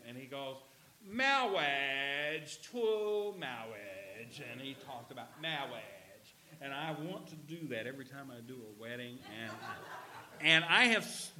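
A man preaches with a bright, ringing tone, full of energy. He teases his congregation with quick humorous asides. His volume rises hard on emphasis and falls to near-murmurs between points. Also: fairly high pitch, low-quality recording. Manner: swings between loud emphasis and quiet asides. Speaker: pastor. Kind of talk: sermon.

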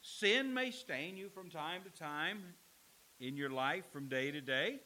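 A man preaching a sermon as pastor, with emphatic delivery, dramatic pauses and acted-out quoted lines. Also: on the high side, expressive, bright, forceful tone, rough recording.

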